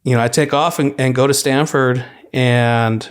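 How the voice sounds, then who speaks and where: A young man from California shares his life story as a guest on a podcast. He talks in a loose, rambling way, full of "like" and "you know," at an ordinary mid-range pitch. His delivery sounds easygoing and conversational. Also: moderate pace, clean tone. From California, USA. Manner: relaxed, rambling, many "like" and "you know" fillers. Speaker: podcast guest, university student. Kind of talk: casual storytelling interview.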